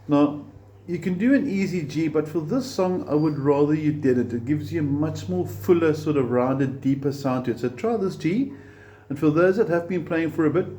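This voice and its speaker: Patient man teaching guitar, mellow voice. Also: on the high side. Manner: patient, encouraging, counts beats aloud. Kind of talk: step-by-step guitar lesson.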